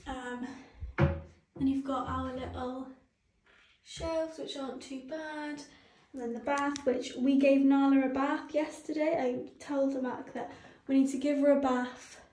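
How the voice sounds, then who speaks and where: A young British woman with a high, light voice chats away to her phone camera in her twenties-style vlog manner, gushing and easily moved. She's recorded in a small tiled bathroom that rings with echo. The sound is handheld and close. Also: steady tone, unhurried, mellow. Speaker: vlogger. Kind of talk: casual chat to camera. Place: bathroom at home, indoors. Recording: echoey small tiled room.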